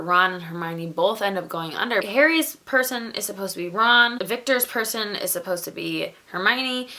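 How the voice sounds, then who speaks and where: A woman reviewing a book in a casual, animated way, peppered with "like" and mild swearing. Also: medium pitch, creaky.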